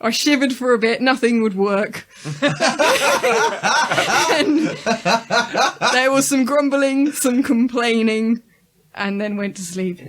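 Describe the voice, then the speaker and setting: A woman's voice: on the high side, slow pace, pauses often, heavy background noise. Frank woman telling a wry story. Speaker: podcast co-host. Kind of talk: casual chat.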